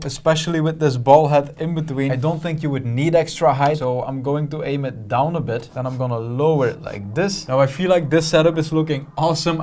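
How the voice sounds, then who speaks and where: A man's voice: on the high side, darkish tone. A young man talking casually and with enthusiasm as he reviews and sets up gear at a home studio desk on a studio microphone. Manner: enthusiastic, chatty, explains while handling gear. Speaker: tech YouTuber.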